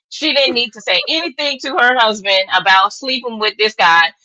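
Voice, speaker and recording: A woman's voice: on the high side, sharp tone, low-quality recording. A woman co-hosting a casual movie review chat, blunt and opinionated, firmly arguing her side.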